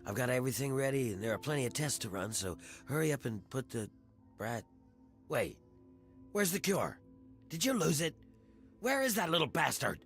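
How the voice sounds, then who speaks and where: A man's voice: medium pitch, sing-song, moderate pace, long pauses, soft background music. An actor playing a bitter, scornful male rebel leader in video game dialogue, talking with a sneering, contemptuous edge. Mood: impatient.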